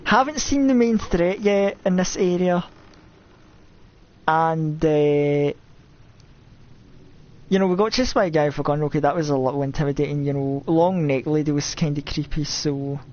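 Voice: mid-range voice, normal speed, long pauses, darkish tone. Scottish streamer rambling over a horror game, jumpy and self-mocking, bit muffled lo-fi mic. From Scotland. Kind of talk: live gameplay commentary.

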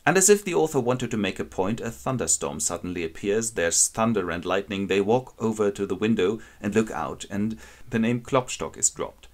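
A man's voice: on the low side, expressive, normal speed. A man wryly retelling a classic novel as a comic summary. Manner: wry, ironic storytelling. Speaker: narrator.

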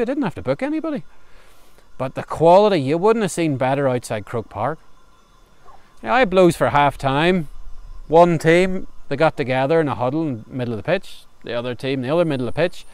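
A man's voice: on the high side, a little mellow, smooth, dry recording. A man telling a humorous folk tale outdoors on a farm, in a chatty yarn-spinning manner. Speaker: storyteller. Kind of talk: spoken folk storytelling. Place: outdoors under a tree on a farm. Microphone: camera recording outdoors.

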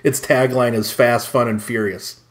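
A man's voice: medium pitch, flat delivery, normal speed, slight background noise. A man co-hosting a casual podcast, teasing his partner and laughing often. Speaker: podcast co-host.

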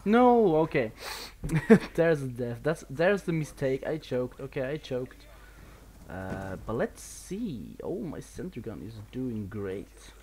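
A man's voice: medium pitch, expressive, takes it slowly, darkish tone, slight background noise. A man from Sweden with a Swedish accent, giving casual live commentary over a video game while he plays, a bit nervous, swearing and laughing at himself. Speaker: gameplay commentator.

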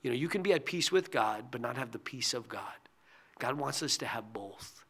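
A man who is a pastor, giving a short devotional sermon in an earnest way, often dropping to a hushed near-whisper on key phrases. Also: mid-range voice, lively intonation, moderate pace.

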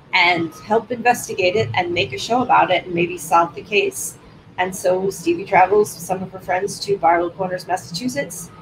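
A woman's voice: mid-range voice, background noise. A woman author answering interview questions in a thoughtful, explanatory way. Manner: thoughtful, explains at length with some restarts. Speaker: author guest.

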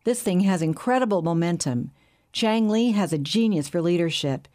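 A woman narrating a smooth, assured bank chief who runs a secret meeting in a calm, soothing way. Her voice sits a little low and stays easy and steady. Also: normal speed, natural voice. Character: smooth scheming middle-aged male bank chief.

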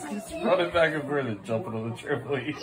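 A man filming his kids at home for a vlog, laughing at them and scolding them in turn. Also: medium pitch. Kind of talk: casual home vlog narration.

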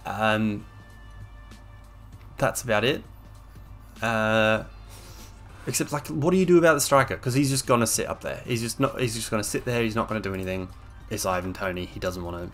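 A man's voice: mid-range voice, a bit bright. Exasperated man ranting over gameplay. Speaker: game streamer. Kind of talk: frustrated gameplay commentary. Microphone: desk microphone.

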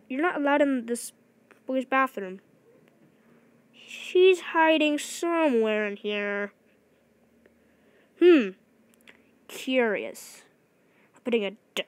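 Excitable fast-talking female gamer. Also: high voice, no room sound. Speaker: gaming video creator. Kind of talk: excited gameplay commentary.

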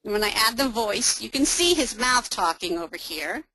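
A woman hosting a webinar, guiding her listeners through a software demo one step at a time. Her voice sits on the higher side and sounds upbeat and clear. The sound is dry and close, with no room around it. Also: animated, normal speed, dry recording, low-quality recording. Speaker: webinar presenter.

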